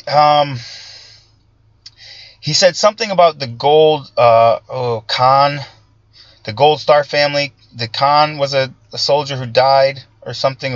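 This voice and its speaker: A man in a casual political monologue, full of restarts and fillers as he thinks aloud. His voice sits at an ordinary pitch and sounds dull and lo-fi, with a dry, close sound and no room around it. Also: no room sound. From Italian-American background. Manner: halting, many restarts and fillers, conversational. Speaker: political commentary host.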